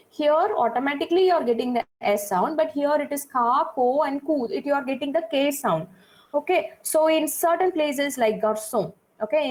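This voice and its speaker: A woman's voice: high-pitched, darkish tone, low-quality recording. A woman teaching a French class, explaining patiently and repeating points while checking that her students follow. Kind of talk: classroom lecture.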